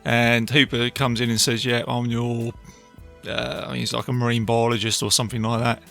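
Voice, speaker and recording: A man hosting a podcast, casually retelling a film with animated asides to his listeners. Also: medium pitch, fairly quick, gravelly, soft background music. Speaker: podcast host reviewing a film. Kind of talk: casual film review talk.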